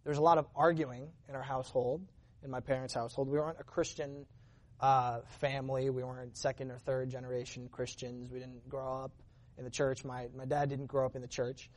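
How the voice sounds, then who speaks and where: A man's voice: mid-range voice, little pitch movement, brisk. A man sharing a personal testimony at church in an earnest, conversational way, often restarting his sentences. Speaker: church member giving a testimony.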